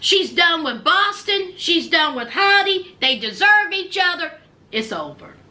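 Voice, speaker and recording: A woman with a very high, bright voice, recapping reality TV for her viewers. She talks slowly, with a lively, swooping delivery and full of sassy, sarcastic asides. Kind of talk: casual reality show recap commentary.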